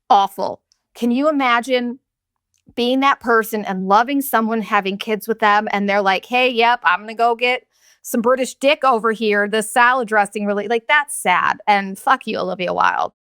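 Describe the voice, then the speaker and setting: A woman's voice: a little high, bright, forceful tone, no echo, studio quality. A woman in her thirties hosting a podcast, ranting in a candid, profane, sarcastic and rambling way. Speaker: podcast host. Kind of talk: casual solo podcast rant.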